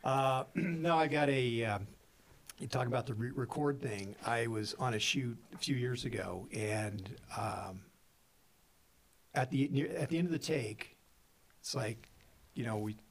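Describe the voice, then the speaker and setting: A man casually telling funny work stories on a podcast, acting out what people said. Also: measured pace. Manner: animated, acts out quotes with big pitch jumps and laughs. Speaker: podcast co-host, filmmaker. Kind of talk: casual storytelling chat.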